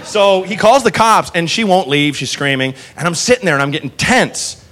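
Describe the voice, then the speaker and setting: Animated male stand-up storyteller. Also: high-pitched, normal speed, slight background noise. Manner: animated, laughing through lines. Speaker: stand-up comedian.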